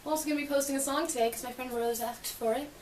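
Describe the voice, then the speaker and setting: Spinning in a chair in her bedroom, a young woman reads aloud in a casual vlog, chatting, giggling, and adding sarcastic asides. Her high voice holds a steady tone but races along. The audio is roomy and distant with faint hiss.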